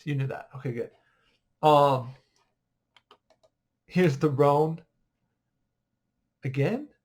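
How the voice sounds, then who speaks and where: A man's voice: a little high, husky. Upbeat joking male history teacher. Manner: upbeat, joking, quizzes the students. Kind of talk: casual online class lecture.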